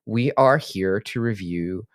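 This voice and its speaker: A man's voice: fairly low pitch, slow pace, dry recording, clean studio sound. A man co-hosting a comedy movie podcast, giving wry, mock-formal intros. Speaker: podcast co-host.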